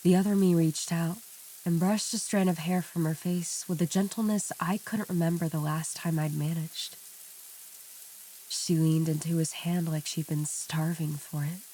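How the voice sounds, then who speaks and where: A woman reading a first-person horror story aloud in a measured, somber storytelling manner. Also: low-pitched, fairly even intonation, warm tone, slight background noise. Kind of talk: scripted narration. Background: faint background music.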